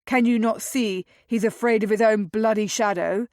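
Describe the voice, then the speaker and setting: A woman's voice: a little high, steady tone, moderate pace, darkish tone, no room sound, clean studio sound, natural voice. A woman voicing a brusque nobleman and former spy who snaps his commands. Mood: snapping. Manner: brusque, snapping.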